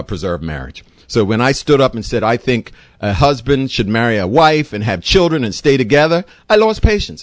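A man's voice: no echo, clean studio sound. A doctor and show host, a man, giving an impassioned, rambling monologue. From Bermuda. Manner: impassioned, rambling, pitch swinging widely. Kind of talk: opinionated monologue.

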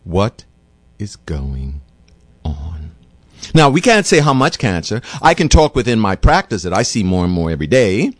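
This Bermudian man, a doctor and host, speaks fairly quickly in a sing-song voice with hardly any pauses, and there's no echo. He's giving a heated, wandering monologue of opinions with wide swings in pitch.

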